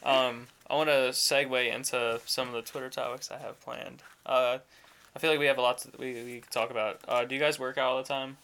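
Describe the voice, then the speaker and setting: A man's voice: mid-range voice, level tone, brisk, pushed and bright. A man hosting a podcast in joking casual chat, steering the topics. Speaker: podcast host.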